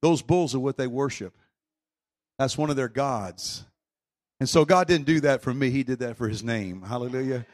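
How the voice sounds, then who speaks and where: A man preaching a sermon with fervent energy, swinging from shouts to quiet storytelling. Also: mid-range voice, normal speed.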